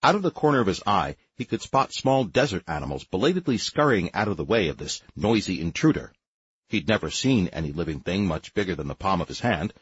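Deep husky male audiobook narrator. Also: sing-song, brisk, dull audio. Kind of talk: scripted narration.

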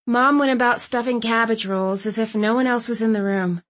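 A woman narrating a first-person audiobook in an even, wry storytelling manner. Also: fairly high pitch, moderate pace.

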